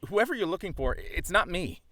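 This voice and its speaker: A man's voice: high-pitched, sing-song, sharp tone, slight background noise, exaggerated voice. An actor voicing a defensive young man who insists he is harmless, recorded as game voice-over takes on a studio mic. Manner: defensive, quick to deny.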